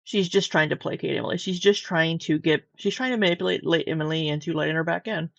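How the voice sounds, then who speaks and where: A woman's voice: deep voice, fast, creaky, dry recording, muffled recording. A sleepy woman hosting a casual reaction, talking bluntly, swearing and repeating herself. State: sleepy, yawning. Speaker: channel host reacting to a clip.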